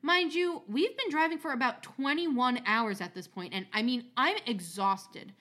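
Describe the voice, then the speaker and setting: A woman's voice: a little high, a little slow, pushed and bright. A woman hosting a podcast, reading a story aloud with casual asides, chatty and swearing freely.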